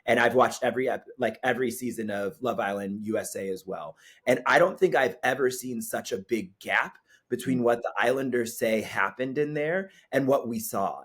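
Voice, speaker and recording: A man as a podcast guest, talking in a chatty, animated way with many fillers. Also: mid-range voice, breathy edge. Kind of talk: casual chat.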